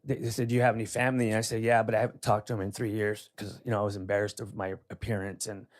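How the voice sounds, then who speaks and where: A man's voice: on the low side, level tone, racing. A man in his forties telling a hard personal story in plain, conversational words, full of "you know" fillers and at times close to tears. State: emotional, near tears at times. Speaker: podcast guest.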